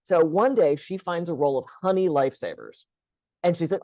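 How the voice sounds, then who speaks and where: A woman co-hosting a podcast, telling stories in a lively way and acting out the quoted lines. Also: lowish voice, moderate pace, no room sound. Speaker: podcast co-host. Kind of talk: casual podcast conversation.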